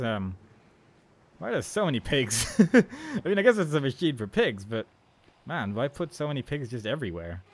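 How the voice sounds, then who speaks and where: A man's voice: mid-range voice, slight background noise. A man casually commenting on a horror game as he plays, rambling and amused, talking back at the characters. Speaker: let's play commentator.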